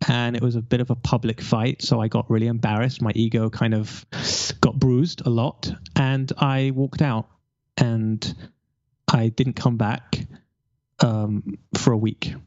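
A man's voice: mid-range voice, flat delivery, unhurried, a little mellow, no room sound, dull audio. A man in his forties from London, telling his life story candidly over a remote call, rambling with restarts. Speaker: guest.

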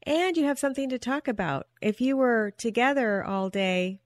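A woman's voice: on the high side, expressive, normal speed, no echo. Woman host, dry close sound, laughs a lot, chatty. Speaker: interviewer. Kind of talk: casual interview.

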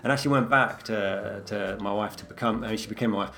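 A man, telling a story in a lively, casual chat. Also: lowish voice, fast, vocal fry. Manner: animated storyteller.

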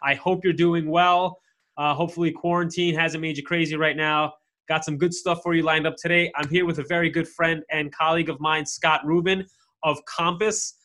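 A man's voice: on the high side, level tone, normal speed, sharp tone. A man hosting a podcast, chatty and upbeat, with frequent fillers and restarts. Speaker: podcast host. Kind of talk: casual podcast interview.

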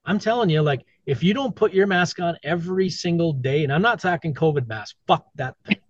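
A man's voice: fairly high pitch, expressive, fairly quick, no echo. A middle-aged man, a podcast guest, talking candidly and bluntly in casual conversation, swearing and repeating himself. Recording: dull lo-fi sound, dry.

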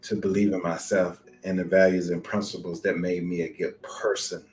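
A man's voice: sits low, flat delivery, moderate pace, a little mellow, faint music behind. A middle-aged man co-hosting a podcast, giving an earnest, emotional tribute spoken directly to his mother. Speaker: podcast co-host.

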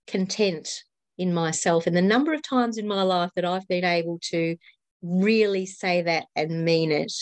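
A woman's voice: lowish voice, a little slow, dry recording. Earnest woman in her fifties. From Australia. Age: 50s. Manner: earnest, laughs often, repeats words. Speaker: guest author. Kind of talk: casual interview talk.

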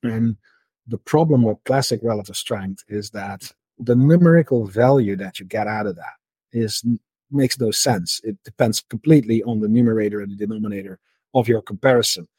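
A man's voice: on the low side, moderate pace, darkish tone, slightly rough, no echo. A man in a casual interview, explaining markets at length and often repeating words as he thinks. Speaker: interview guest, market analyst.

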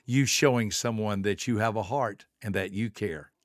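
A man's voice: moderate pace, no echo, studio quality. Emphatic older man, motivational host. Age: 70s. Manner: emphatic, preachy, full of rhetorical questions; swings between soft and booming delivery. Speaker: podcast host and motivational speaker. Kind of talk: motivational podcast talk.

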